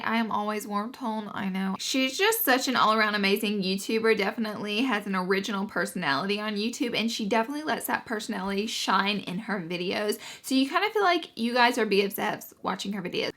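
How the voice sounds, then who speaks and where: A woman's voice: fairly high pitch, bright, forceful tone. A young woman chatting through a casual makeup tutorial, bubbly and gushing as she talks. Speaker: beauty YouTuber.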